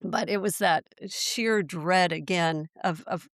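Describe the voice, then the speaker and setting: A woman's voice: fairly low pitch, slow pace, dry recording, studio quality. An American woman in her sixties, a podcast guest thoughtfully and earnestly recalling hard experiences in a casual conversation. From United States. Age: 60s. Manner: reflective, earnest recollection. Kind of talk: casual reminiscing.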